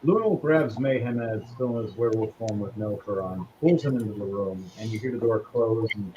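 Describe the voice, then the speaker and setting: A man narrating a tabletop game as game master, telling the story with animated humor. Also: fairly low pitch, brisk. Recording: dull recording with faint background noise.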